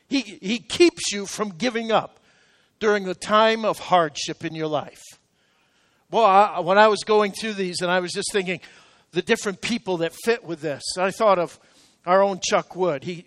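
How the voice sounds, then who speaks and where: A man's voice: high voice, a bit bright, dry recording. A man preaching a sermon as pastor, building from storytelling to impassioned exhortation. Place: church sanctuary.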